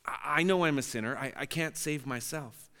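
A man's voice: mid-range voice, moderate pace, pushed and bright, long reverb tail. A man preaching a sermon as pastor, earnest and prone to repeating words as he restarts phrases.

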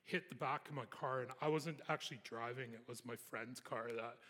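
A man's voice: mid-range voice, normal speed, bright, forceful tone, in a large hall. A young man, telling a personal faith story in a rambling, casual way full of fillers and restarts. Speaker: storyteller sharing a personal testimony.

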